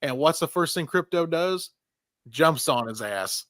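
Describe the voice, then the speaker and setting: A man co-hosting a casual podcast film review, talking in a halting way as he searches for his words. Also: on the high side, lively intonation, a bit bright, no echo, studio quality. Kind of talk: casual chat. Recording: audible background noise.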